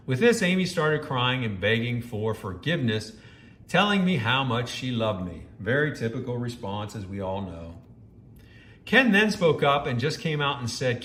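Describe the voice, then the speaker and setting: A man's voice: mid-range voice, big pitch swings, normal speed, a bit bright, echoey room. A man reading a first-person story aloud and breaking off into judgmental, scolding commentary.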